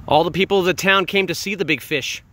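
A man's voice: high voice, fast talker, bright, forceful tone, a little hiss or hum. A man reading a picture book aloud, drawing out the big words for dramatic emphasis. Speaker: reader. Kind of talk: storybook read-aloud.

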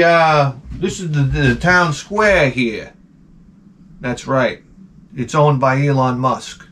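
A man telling rambling comedic stories in a profane, animated way, often slipping into mocking voices. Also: mid-range voice, takes it slowly. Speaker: retro gaming vlogger.

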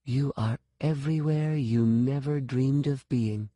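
A man voicing an ageless wild-haired witch who speaks softly, slowly and possessively. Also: mid-range voice, no echo, voice pushed up, natural voice. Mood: dreamy. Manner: soft, hushed and slow.

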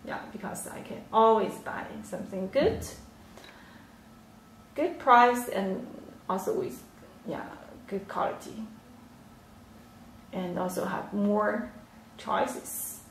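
A woman teaching a livestream language lesson, explaining slowly and patiently with many fillers. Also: medium pitch, a little hiss or hum. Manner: slow, patient explaining with frequent yeah and fillers. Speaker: Chinese teacher. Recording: roomy echo, a little off mic.

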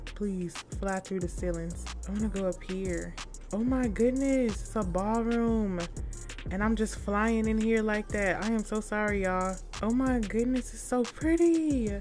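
Chatty, excitable young woman gaming vlogger. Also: medium pitch. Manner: chatty and excitable, slangy, addresses viewers as y'all. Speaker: gaming YouTuber. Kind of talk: casual game commentary.

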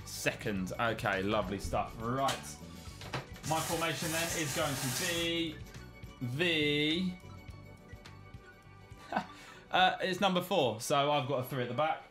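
A man's voice: fairly high pitch, animated, slow pace, pauses often, music in the background. A young man hosting a video game session, chatting casually with a friend and laughing often. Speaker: gaming YouTuber host. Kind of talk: casual gameplay banter with a friend.

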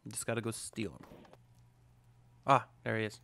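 A man's voice: fairly low pitch, moderate pace, vocal fry, pushed and bright. A man hosting a video game channel, giving upbeat, chatty gameplay commentary with a self-mocking streak. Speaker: gaming channel host.

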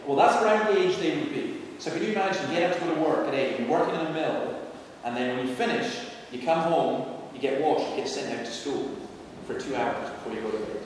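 A man's voice: fairly high pitch, a little fast, hardly any pauses, a little hiss or hum. A middle-aged man, a preacher telling earnest, conversational stories to a visiting group inside a large church building. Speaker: preacher and evangelist. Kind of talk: storytelling talk to a visiting tour group. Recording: echoey hall from far off.

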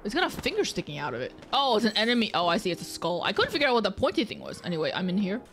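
A young woman streaming a video game, chatting, swearing, laughing and yelling at what happens on screen. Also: medium pitch, wildly swooping pitch, rapid-fire. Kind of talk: live gameplay commentary.

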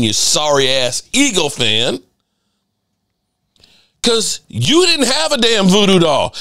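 A fired-up man hosting his own sports channel, ranting hard with cursing and repeated jabs. His voice sits high for a man and leaps all over the place as he hammers each point. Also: bright, forceful tone. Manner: heated, profane, repetitive. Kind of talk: ranting commentary.

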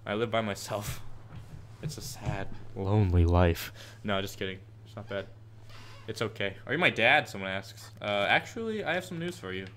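An 18-year-old man live-streaming gameplay and answering chat questions, chatty and prone to excited, frustrated yelps. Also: lowish voice, normal speed, slight background noise. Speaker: gaming streamer. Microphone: headset with headphones.

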